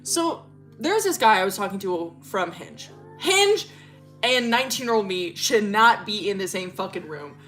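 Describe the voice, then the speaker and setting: A woman's voice: mid-range voice, very animated, moderate pace, a bit bright, soft background music. A young woman from Wyoming telling a dating story in a casual, profane storytime chat, with bursts of shrieking laughter. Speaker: streamer.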